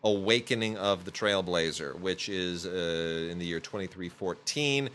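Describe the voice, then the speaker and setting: A man with a lowish, bright, forceful voice talks casually on a podcast, reviewing discs in a rambling way. He stops and restarts often and leans on fillers. A faint hum sits under the recording. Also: measured pace. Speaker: podcast host reviewing home video releases.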